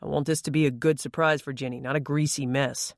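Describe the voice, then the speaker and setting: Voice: mid-range voice, steady tone, quick pace, no room sound, clean studio sound, natural voice. A narrator voicing a firm, adamant man in an audiobook. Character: grown man, firm and protective.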